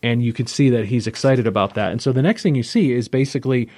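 A man's voice: medium pitch, fast talker, a little mellow, no room sound. A man hosting a comic book podcast, recapping the plot in a rambling, casual way with fillers and restarts.

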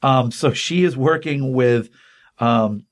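A man's voice: mid-range voice, slow. A man casually retelling a comic book issue on a podcast, rambling with many ums and restarts, acting out the dialogue.

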